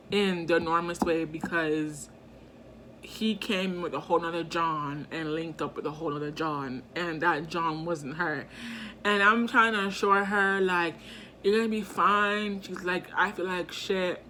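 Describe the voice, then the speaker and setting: A woman's voice: on the low side, a little hiss or hum. Chatty young woman telling a storytime. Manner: chatty, animated, lots of fillers, slang. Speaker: vlogger. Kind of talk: casual storytime.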